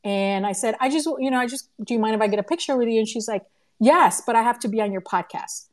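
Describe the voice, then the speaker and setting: Animated woman telling an excited story. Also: fairly high pitch, fast talker. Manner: animated, laughing, acts out quoted voices. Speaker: conference organizer and podcast host. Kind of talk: casual storytelling in a live audio room. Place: home living room. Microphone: phone or computer mic in a live audio room.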